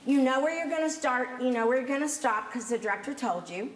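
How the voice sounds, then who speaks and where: A woman coaching an acting workshop, brisk, bubbly and directive. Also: high-pitched, lively intonation. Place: theatre workshop room. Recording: echoey room with faint noise.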